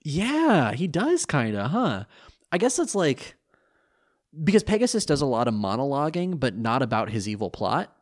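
A man's voice: medium pitch, big pitch swings, normal speed. A man in his thirties co-hosting a podcast in casual chat, rambling, self-deprecating and laughing often. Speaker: podcast co-host.

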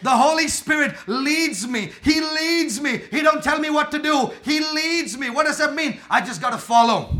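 High bright-voiced preacher man. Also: lively intonation, moderate pace, hardly any pauses. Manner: emphatic, call-and-response, drops to quiet then shouts. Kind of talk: sermon. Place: church with congregation.

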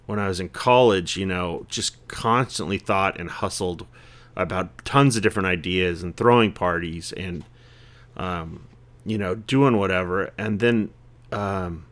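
Male podcast guest, 40s, lowish pitch, casual, reflective, fills every pause. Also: a bit bright. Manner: reflective, rambling, heavy on "you know" fillers. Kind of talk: casual conversation.

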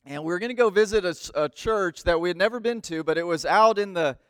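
A man in his thirties, a missionary preacher telling a lively story in a sermon and acting out the voices in it. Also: high-pitched, fast talker, clear, resonant tone, no room sound. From United States. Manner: animated, acts out voices in his stories.

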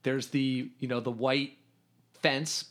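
A man from Hungary, a podcast guest, telling a story in an animated, rambling way with lots of restarts. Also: medium pitch, slow. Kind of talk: casual storytelling.

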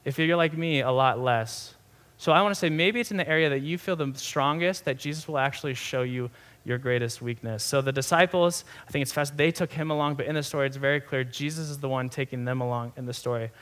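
A young man, a pastor, giving a sermon in a conversational, animated way with many asides. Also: mid-range voice, a little fast.

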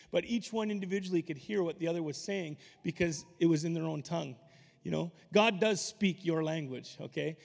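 A man preaching a casual, story-filled sermon with a slightly raised pitch. His voice rings out in a hall with long reverb. He talks easily to the congregation, drifting into asides. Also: vocal fry. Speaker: pastor.

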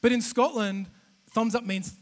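A man with an Australian accent giving a humorous, chatty sermon as a guest preacher, animated and self-deprecating with many restarts. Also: very high voice, unhurried. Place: church auditorium. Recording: long church hall reverb.

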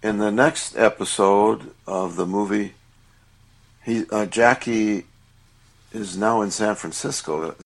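A man co-hosting a casual film discussion, recounting scenes with enthusiasm and some halting restarts. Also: lowish voice.

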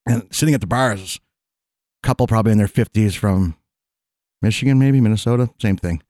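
A man's voice: fairly low pitch, fairly quick, a little mellow, dry recording. A man in casual chat, telling long rambling stories full of fillers and restarts, laughing as he goes. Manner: rambling storyteller, many fillers and restarts, laughs mid-sentence.

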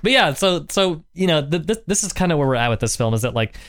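A man on a film podcast, eagerly recounting favorite scenes and tripping over his words as he goes. His voice is smooth and clear, with a close, dry sound. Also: fairly high pitch, expressive, fast, fairly bright tone, no echo. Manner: stammering, restarting, laughing retelling. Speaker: podcast co-host. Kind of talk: casual film review chat.

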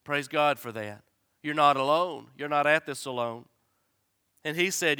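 A man preaching a sermon as a pastor, swinging from loud urgency to soft, gentle tones. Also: fairly high pitch, fairly even intonation, moderate pace, clear, resonant tone, no echo, studio quality.

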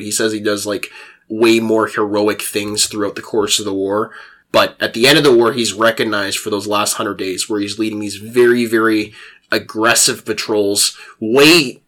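A male podcast host telling a war story in casual chat, animated and laughing, with frequent restarts. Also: lowish voice.

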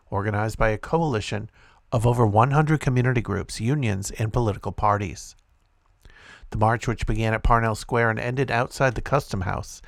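Guy reading out a news piece, gravelly low voice, dry close sound. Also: no echo. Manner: steady, measured reading of quotes and reports. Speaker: host.

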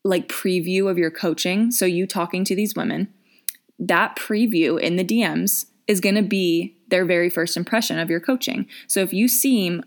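Young female coach, slightly low voice, casual and chatty, filler-heavy vlog delivery. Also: normal speed. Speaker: business coach.

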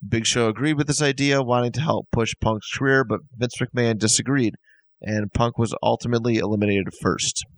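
A man's voice: medium pitch, steady tone, brisk, dry recording, low-quality recording. Man reading a summary in a dry room. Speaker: podcast co-host. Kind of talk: reading a summary aloud, then casual chat.

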